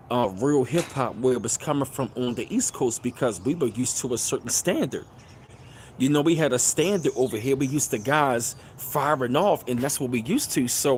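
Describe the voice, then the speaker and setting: A man hosting a casual live stream, talking loosely and repeating filler phrases, getting louder and higher when excited. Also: slight background noise. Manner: loose, rambling, repeats phrases like "you know what I'm saying". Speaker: channel host.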